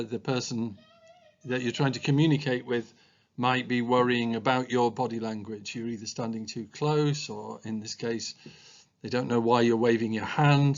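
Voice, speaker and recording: A man talks through a training presentation in a measured, thoughtful way, often filling pauses with ums and uhs. His voice sits at an ordinary middle pitch, and the recording sounds a little dull and lo-fi. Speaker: special school staff trainer. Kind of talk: explanatory training talk.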